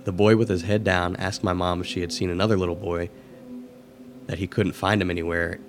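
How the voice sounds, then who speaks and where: A man co-hosting a podcast, reading a spooky story aloud in a steady, measured way. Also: sits low, a little hiss or hum. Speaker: podcast co-host.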